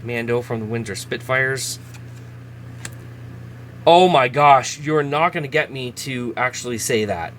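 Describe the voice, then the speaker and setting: A man with a mid-range, slightly bright voice chats casually while opening trading card packs, speaking a little slowly with long pauses. He laughs at himself and reads the card names aloud as the host. There's a faint hiss or hum on the recording.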